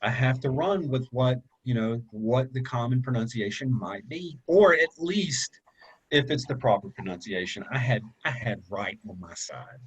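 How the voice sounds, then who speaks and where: The audio is poor as a male instructor runs a public speaking class for college students, his mid-range voice slightly breathy. His style is conversational and repetitive, peppered with check-ins like "okay?" and "right?".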